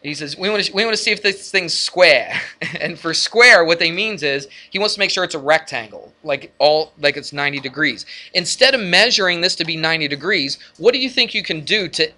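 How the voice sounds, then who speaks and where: A man teaching a math lesson to his class, lively and energetic, often asking the students questions. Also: fairly high pitch, brisk, few pauses. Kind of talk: classroom lecture.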